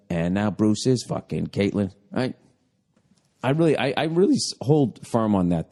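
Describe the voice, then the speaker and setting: A man's voice: on the low side, warm tone. A middle-aged man hosting a podcast, ranting in a profane, comedic way and slipping into mocking voices. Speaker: podcast host.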